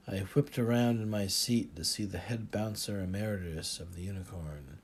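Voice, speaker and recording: A man narrating an audiobook in the first person, unhurried and even. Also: low voice, slightly rough.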